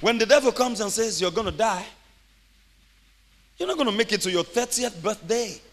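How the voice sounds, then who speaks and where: A man preaching a sermon as a pastor, laughing often and rising to shouted exclamations. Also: high voice, lively intonation, moderate pace, long reverb tail. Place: church.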